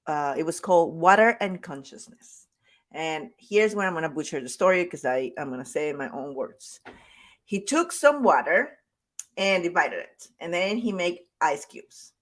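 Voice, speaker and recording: Woman coach doing a motivational talk, lowish voice, emphatic and chatty, repeats the big points. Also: big pitch swings, normal speed. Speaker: self-love coach.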